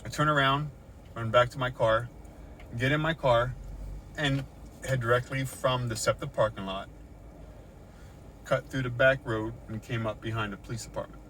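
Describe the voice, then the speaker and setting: A man's voice: mid-range voice, fairly even intonation, normal speed, long pauses, a bit bright, slight background noise. A shaken middle-aged man in a parked car, giving an agitated account with swearing and repetition, recorded on a phone. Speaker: vlogger recounting an encounter. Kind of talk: agitated first-person account. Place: inside a parked car in a parking lot.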